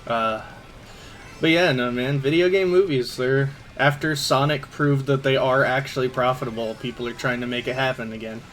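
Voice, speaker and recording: A laid-back man in casual stream chat, talking in an easygoing way with plenty of ums and likes. His pitch sits in a middle range. Soft game music plays underneath. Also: moderate pace. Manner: easygoing, chatty, many fillers.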